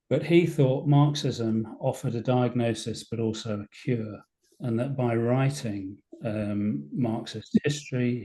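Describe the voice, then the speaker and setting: A man with an English accent giving a slide lecture to an audience, thoughtful and hesitant, often pausing on "uh" and "um". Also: fairly low pitch, dark tone. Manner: thoughtful, reads quotations aloud, frequent hesitations. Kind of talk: public talk with slides.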